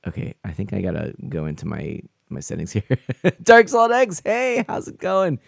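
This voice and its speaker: A man's voice: lowish voice, wildly swooping pitch, normal speed, creaky, dry recording, clean studio sound. A man live-streaming a game, chatting with viewers and exclaiming in flustered, laughing bursts.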